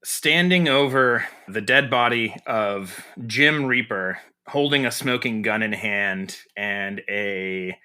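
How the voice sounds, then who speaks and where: A man narrating his character in first person during a tabletop role-play game, slow and deliberate. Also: fairly low pitch, bright, forceful tone, clear, resonant tone. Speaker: player.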